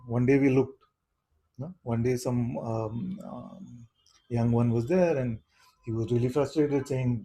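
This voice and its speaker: Male spiritual teacher with a mellow, husky voice. Unhurried and questioning, he keeps checking in with "you see?". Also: medium pitch, fairly even intonation, rough recording. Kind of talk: satsang talk to seekers.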